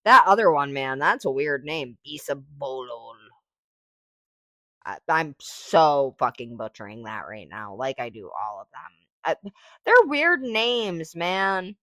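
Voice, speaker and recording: Slow, rambling casual woman reviewer. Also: low voice, very animated, fairly bright tone, no room sound, studio quality. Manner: rambling, profane, thinks aloud with fillers and sing-song noises. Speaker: podcast host reviewing cannabis. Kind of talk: casual solo review chat.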